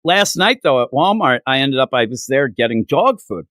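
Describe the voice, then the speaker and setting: Animated man telling stories in a dry room. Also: moderate pace, no echo. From Minnesota. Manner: animated storyteller, acts out quoted people in high voices. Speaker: comic book podcast co-host. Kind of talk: casual review chat.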